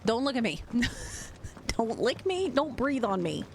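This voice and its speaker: A woman's voice: fairly high pitch, sing-song, takes it slowly, a little hiss or hum. A woman streaming a video game, chatting casually, laughing often and talking sweetly to her pets. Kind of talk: casual live-stream chat.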